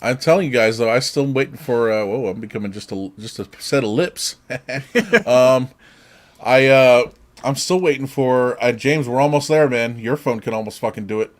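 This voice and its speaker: A man's voice: medium pitch, normal speed. A man co-hosting a podcast in casual chat, easygoing, swearing casually as he talks about old gadgets. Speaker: podcast co-host.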